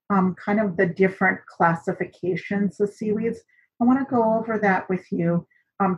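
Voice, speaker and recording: A woman teaching an online cooking and seaweed class in a chatty way, with many fillers. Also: medium pitch. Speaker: instructor. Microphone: recorded on camera for an online class. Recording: dull lo-fi recording.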